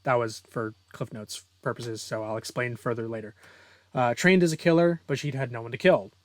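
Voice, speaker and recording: A man's voice: medium pitch, steady tone, normal speed, dry recording. A young man reading his own story aloud and breaking off for casual, self-deprecating author commentary.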